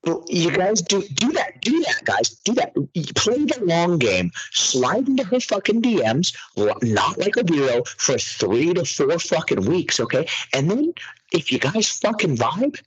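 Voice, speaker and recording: A man's voice: fairly high pitch, wildly swooping pitch, measured pace, slightly rough, rough recording. A man co-hosting a podcast, talking casually in a profane, ranting way. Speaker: podcast co-host.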